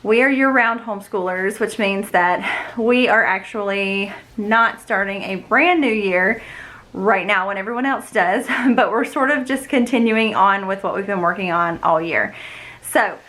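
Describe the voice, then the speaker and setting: A woman with a medium-pitched voice speaks at a measured pace while walking through a room in her family home. She's a homeschooling mom vlogger giving a casual tour, audibly winded and out of breath. She chats like a warm-hearted, talkative tour guide.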